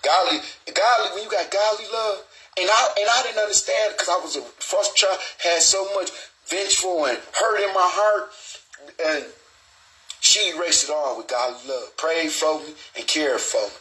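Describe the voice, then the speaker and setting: A man's voice: sits high, normal speed, bright, forceful tone, rough recording. A middle-aged man hosting a live online show, talking in a rambling, streetwise way and swearing freely. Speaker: show host. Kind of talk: casual live stream talk.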